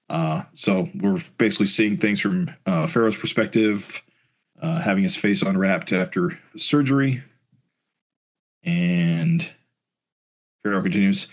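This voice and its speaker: A man co-hosting a podcast, reading comic narration aloud in a casual, halting way with fillers and restarts. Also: low-pitched.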